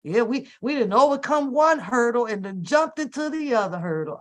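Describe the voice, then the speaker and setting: A woman hosting a casual live stream, speaking. She talks in an animated, exasperated way and rants about whatever annoys her, with plenty of profanity. Her delivery is loose and conversational, like she is talking straight to her viewers. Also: a little high, moderate pace, hardly any pauses. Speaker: host.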